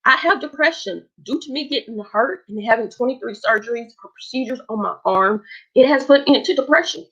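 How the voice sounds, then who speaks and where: A woman's voice: on the high side, brisk, a bit bright, husky, lo-fi sound. Emotional woman hosting a livestream. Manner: emotional, heartfelt, talks straight to viewers. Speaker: livestream host. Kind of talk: casual livestream chat.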